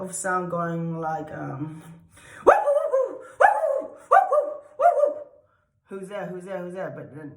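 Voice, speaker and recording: A woman explaining dog behavior in a rambling, casual way, repeating herself and acting out dog sounds. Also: sits low. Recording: roomy echo.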